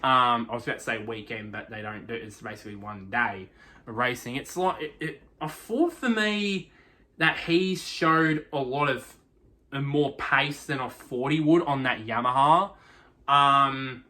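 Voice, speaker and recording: A man's voice: medium pitch, a little slow, sharp tone. A young man giving a casual, rambling race recap full of restarts and fillers. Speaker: motorsport review host.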